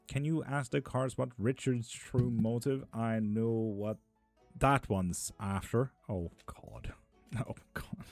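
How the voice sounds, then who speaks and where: A man's voice: medium pitch, slow pace, darkish tone, no echo, faint music behind. A man chatting on a live stream as a tarot reader, reading out viewer comments, casual and sweary with frequent laughs. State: hot and sticky.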